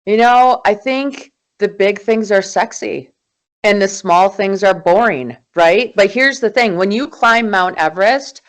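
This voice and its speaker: A woman in her forties, a guest in an interview, telling her story in an animated, emphatic way. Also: mid-range voice, unhurried. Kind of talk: conversational interview.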